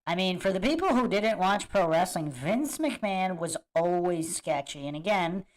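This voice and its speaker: The host of a livestream commentary show speaks at normal speed in a high-pitched, expressive voice. He reacts to clips while chatting casually with viewers, with a musing, emphatic manner that circles back over points.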